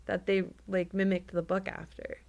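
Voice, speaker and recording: A woman's voice: medium pitch, normal speed, vocal fry, lo-fi sound. A woman co-hosting a book club podcast, talking casually and laughing often. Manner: chatty, animated, laughs often. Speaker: podcast co-host.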